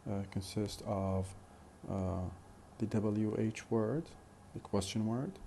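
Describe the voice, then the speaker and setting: A man teaching a phonetics lesson in a slow, deliberate way, repeating example questions. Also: lowish voice, steady tone, gravelly, dark tone, slight background noise. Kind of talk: recorded lecture.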